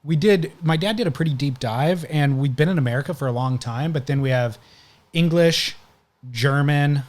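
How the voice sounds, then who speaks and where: A man's voice: a little high, normal speed, darkish tone. A man hosting a podcast, casually recounting stories at length in conversation. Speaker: podcast host.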